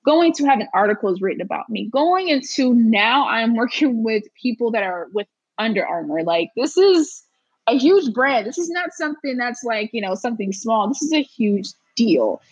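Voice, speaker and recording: A woman's voice: fairly high pitch, very animated, normal speed, husky, no room sound, rough recording. A woman guest talking earnestly and emphatically in a casual interview, repeating her phrases for weight.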